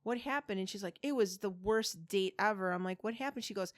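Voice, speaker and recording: Podcast co-host, woman in her forties, middle pitch, lively storyteller who does voices and swears, dry close mic. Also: brisk, no echo. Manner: animated storyteller, acting out quoted voices, swearing freely. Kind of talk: casual chat, storytelling.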